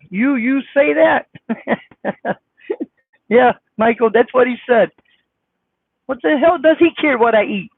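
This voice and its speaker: Squeaky high-voiced trucker on a thin line. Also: male voice, gravelly, no room sound. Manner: blunt, defensive, folksy. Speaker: trucker vlogger reading live chat. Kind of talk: casual live-stream chat. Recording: dry, phone-like sound.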